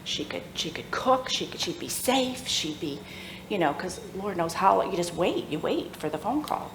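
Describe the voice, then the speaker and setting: A middle-aged woman telling a personal faith story at a church workshop, animated and laughing as she acts out the voices of people in the story. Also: on the low side, normal speed, slight background noise. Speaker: workshop speaker. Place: church room. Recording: echoey room with faint ambience.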